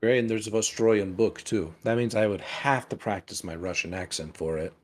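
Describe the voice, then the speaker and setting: A man chatting casually on a game stream, animated and quick to laugh, talking about his own storytelling. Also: fairly low pitch.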